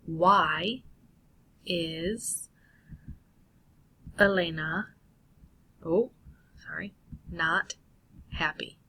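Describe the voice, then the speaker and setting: A woman's voice: lowish voice, takes it slowly, long pauses, a bit bright. A woman walking through a Spanish lesson on screen in a casual, self-correcting way. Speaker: Spanish teacher. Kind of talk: screen-recorded lesson walkthrough.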